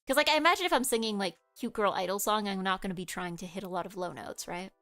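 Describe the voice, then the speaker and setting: A woman's voice: medium pitch, quick pace, a bit bright, soft background music. A woman streamer chatting casually with her viewers in a nasal voice, explaining things as she goes. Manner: chatty, explains with vocal demos.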